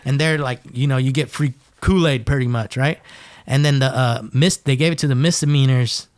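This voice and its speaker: A man's voice: medium pitch, normal speed, dry recording. A man from Northern California telling jail stories as a podcast guest, swearing a lot and acting out the people in them. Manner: profane, animated, acts out voices in his stories. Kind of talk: casual storytelling.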